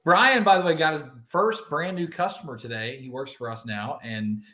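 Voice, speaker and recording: A man's voice: on the high side, moderate pace, pushed and bright. A man co-hosting a show, cracking goofy playful jokes in casual chat. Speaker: co-host.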